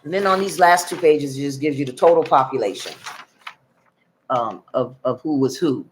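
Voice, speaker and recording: A woman from the northern United States, talking to her channel in a loose, rambling way as she reads out figures, with many pauses and self-corrections. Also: rumbling low, expressive, slight background noise. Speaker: YouTube commentator. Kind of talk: casual monologue reading from documents.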